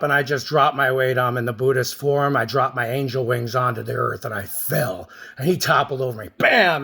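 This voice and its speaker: A man in his thirties tells a personal story straight to the camera, rambling and intense. His voice sits at a middling pitch with a rough, gravelly edge, and now and then it jumps into loud outbursts.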